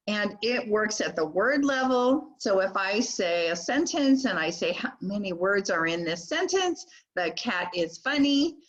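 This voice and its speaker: An older woman giving a teacher training lecture on reading skills, slowly sounding out words and their sounds. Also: medium pitch, a bit bright, dull audio. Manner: slow, deliberate modeling of speech sounds. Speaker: literacy trainer.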